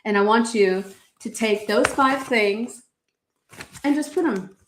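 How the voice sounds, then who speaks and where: A woman's voice: a little high, slow, a bit bright, slight background noise. A woman hosting a motivational podcast, reading from her own journal with emphatic, preacher-like exhortations and frequent fillers. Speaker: podcast host.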